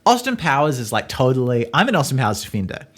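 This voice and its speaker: A woman's voice: extremely low pitch, sing-song, fast. A woman co-hosting a film podcast in casual chat, enthusiastic, with lots of "like" fillers. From Australia. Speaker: podcast co-host.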